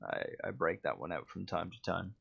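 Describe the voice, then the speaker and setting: A man's voice: low voice, very animated, moderate pace, vocal fry, fairly bright tone, husky, highs cut off. A man with a Dublin Irish accent, a voice actor chatting casually on a livestream, telling stories with lots of fillers and self-mocking asides. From Ireland. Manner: anecdotal, self-mocking, with frequent fillers and restarts. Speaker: voice actor streaming.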